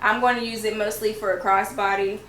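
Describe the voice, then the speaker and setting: A woman's voice: mid-range voice, little pitch movement, brisk, fairly bright tone, slight background noise. Gushing woman in a roomy room. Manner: gushing, chatty, keeps correcting herself. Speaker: YouTuber and English teacher. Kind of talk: excited unboxing vlog. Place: at home, indoors.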